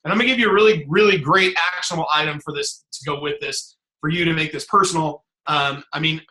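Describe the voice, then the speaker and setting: A man's voice: a little high, fast talker, pushed and bright, echoey room, rough recording. A middle-aged man giving a casual motivational talk as a guest speaker on a video call, rambling with many fillers and restarts, and swearing bluntly. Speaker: guest speaker, business coach.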